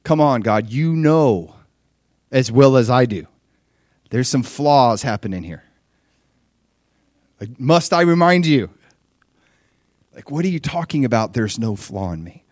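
A man preaching a sermon in an animated way, acting out dialogue with sudden high-pitched exclamations. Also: unhurried, long pauses, no room sound, clean studio sound.

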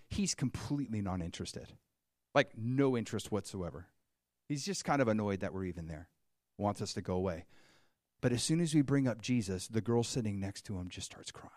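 Animated male preacher, dry close sound. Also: on the low side, dry recording. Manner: animated storyteller, swings from quiet to excited. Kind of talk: sermon with storytelling.

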